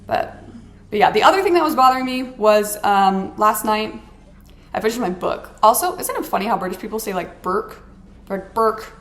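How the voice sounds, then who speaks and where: A woman's voice: mid-range voice, animated, brisk, a bit bright. A woman vlogger chatting casually while she plays a mobile game, ranting dramatically with sarcastic, exasperated asides. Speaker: gaming vlogger.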